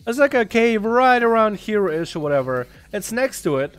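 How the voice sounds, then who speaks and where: Male game streamer with a high voice, cursing and hyped, loose livestream banter. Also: normal speed, clear, resonant tone, soft background music. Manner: profane, excitable, swings into loud outbursts. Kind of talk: casual livestream commentary.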